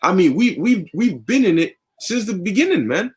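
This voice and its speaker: A man's voice: high voice, sing-song, normal speed, breathy edge. A young man teaching scripture in a fervent, conversational way, often tagging sentences with "man" and "okay". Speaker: preacher.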